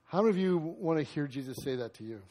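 Male preacher, high voice, animated storyteller acting out quotes, casual sermon delivery. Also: fast.

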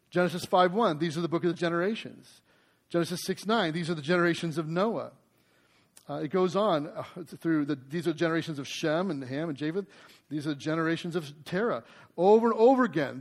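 A man preaching a sermon, telling a story with animated energy and then teaching through scripture passages. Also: high voice. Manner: quotes scripture, quick asides. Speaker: pastor.

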